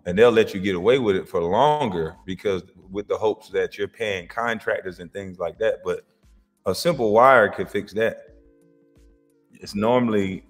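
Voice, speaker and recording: Animated man reacting, echoey hall. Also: lowish voice. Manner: animated, laughing, swings from loud to muttered. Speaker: reaction video host. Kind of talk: casual reaction commentary.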